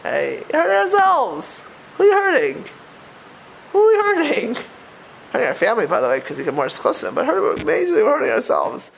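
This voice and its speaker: A man teaching a Torah class as a rabbi to a room, talking in an animated way with many restarts and rhetorical questions. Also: very high-pitched, a little fast, creaky, low-quality recording. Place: room with a live audience.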